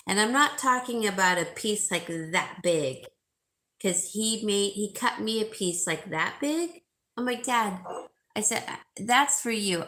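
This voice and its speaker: A woman's voice: mid-range voice, fairly bright tone. A woman hosting a live sale stream, chatting casually and reading viewer comments, rambling with fillers and restarts. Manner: gushing, repeats herself for emphasis.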